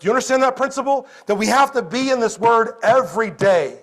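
A man preaching a sermon as a pastor at a church service, animated, moving between loud exclamations and quiet storytelling. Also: very high-pitched, brisk.

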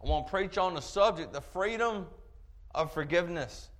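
A man preaching a sermon, telling a story in an animated way with chuckling asides. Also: high-pitched, normal speed.

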